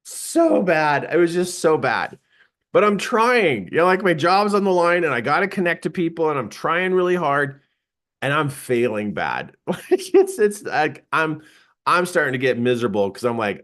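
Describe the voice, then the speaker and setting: Lively man telling a story. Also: a little high, normal speed. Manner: animated, laughs often, acts out quotes. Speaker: live seminar speaker. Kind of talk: storytelling talk.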